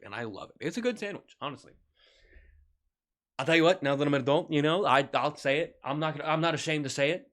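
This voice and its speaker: Bright-voiced joking young man streaming. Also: fairly high pitch. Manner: rambling, joking, swearing, laughing often. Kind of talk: live gameplay commentary.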